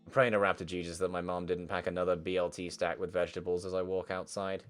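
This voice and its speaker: A man's voice: deep voice, flat delivery, quick pace, clear, resonant tone. A young man reading a visual novel aloud and reacting casually, often swearing. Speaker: game streamer. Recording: faint game music underneath.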